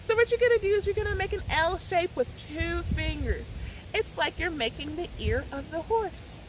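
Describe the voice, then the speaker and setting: High, sing-song woman teaching kids. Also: lively intonation, moderate pace, noisy background. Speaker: children's librarian. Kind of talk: children's sign language lesson. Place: outdoors at a farm.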